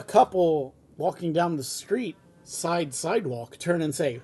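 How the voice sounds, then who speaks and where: A man reads a script aloud at home in an easygoing, chatty way, dropping in casual remarks between passages. His voice is a touch high yet mellow and dark, with a husky edge, and faint music plays behind him. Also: normal speed, few pauses. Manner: relaxed, chatty reading with asides. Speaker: reader of a fan script. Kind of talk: casual read-aloud narration.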